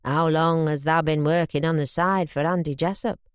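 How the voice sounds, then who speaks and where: A woman voicing a gruff, drunk older man with a broad Yorkshire accent who mutters his words. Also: low voice, steady tone, normal speed, no echo, studio quality, voice pushed down, close to an everyday voice. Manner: muttering, thickened broad speech.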